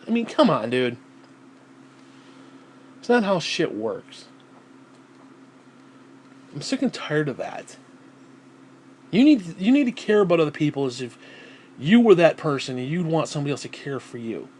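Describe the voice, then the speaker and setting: A man ranting to camera in a vlog, blunt and heavy on swearing, sighing and clearing his throat between thoughts. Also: on the high side, very animated, normal speed, long pauses, a little mellow, a little hiss or hum. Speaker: vlogger. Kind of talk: profane personal rant to camera.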